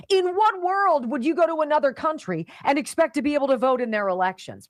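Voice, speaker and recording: A woman's voice: high voice, fast talker, hardly any pauses, no room sound. Emphatic woman talk radio host. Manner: animated and emphatic, mocking in mimicry. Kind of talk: opinionated talk radio monologue.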